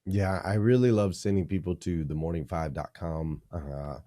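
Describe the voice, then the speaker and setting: A man's voice: deep voice, steady tone, normal speed, dark tone. A man, a leadership coach, being interviewed on a podcast, teaching energetically in punchy, repeated phrases.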